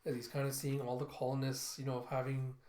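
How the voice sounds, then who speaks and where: A man's voice: medium pitch, completely flat delivery, a little fast, darkish tone. A man casually reading through a comic and reacting, with loose wording and many fillers. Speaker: comic reviewer. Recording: echoey room.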